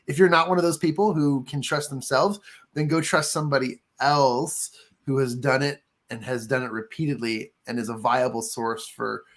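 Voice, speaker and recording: A man's voice: medium pitch, steady tone, normal speed, a bit bright. A man co-hosting a casual book club discussion, earnest and rambling, with many fillers and restarts.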